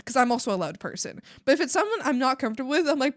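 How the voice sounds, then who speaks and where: A woman streamer chatting casually while she draws, animated and swearing freely, breaking into laughs and shouts. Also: sits high, fast talker, hardly any pauses, no room sound, clean studio sound.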